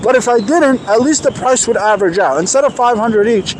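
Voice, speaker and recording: A man telling a personal story in an animated, emphatic way, acting out the dialogue. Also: very high-pitched, a little fast, a little hiss or hum. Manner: excited, emphatic, acts out quoted dialogue.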